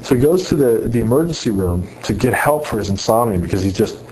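A man's voice: on the low side, expressive, quick pace, a little mellow, a little hiss or hum, low-quality recording. A man giving an earnest sermon-style talk to students, retelling a story with many restarts. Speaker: speaker addressing students on faith.

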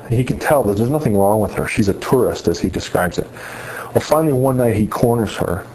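A man's voice: lowish voice, expressive, brisk, warm tone, low-quality recording. A man giving an earnest sermon-style talk to students, retelling a story with many restarts. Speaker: speaker addressing students on faith.

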